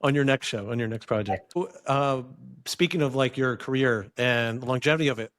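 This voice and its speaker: A man hosting an interview, asking relaxed questions and laughing along. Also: medium pitch, fairly quick. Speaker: interview host.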